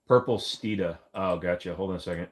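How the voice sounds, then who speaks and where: A man with a fairly low voice hosts a livestream, chatting casually as he reads out viewer comments. He rambles and jokes, with plenty of "um"s and "uh"s as he wanders from one thought to the next. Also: brisk. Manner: rambling, joking, lots of fillers. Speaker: live stream host. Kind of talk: casual live chat reading comments.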